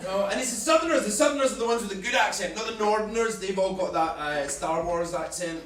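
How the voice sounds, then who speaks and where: A man's voice: sits high, quick pace. A young Scottish man with a Scottish accent doing a stand-up comedy set, chatty and teasing the crowd, often stammering into restarts. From Scotland. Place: comedy club stage. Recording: roomy club sound from a distance with loud crowd.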